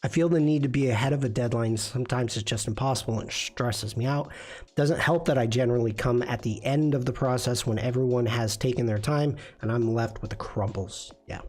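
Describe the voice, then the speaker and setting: Reviewing viewers' work on a casual livestream, a man who hosts and teaches design keeps things chatty and pokes fun at himself. His voice is medium in pitch and a little mellow, and he often fills gaps and restarts sentences.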